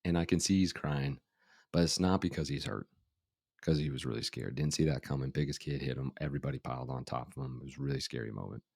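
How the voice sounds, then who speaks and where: Very deep creaky-voiced man telling a story. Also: quick pace, a little mellow, dry recording, studio quality. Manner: conversational, frequent "you know" and "right?". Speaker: guest, life coach. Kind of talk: casual podcast storytelling.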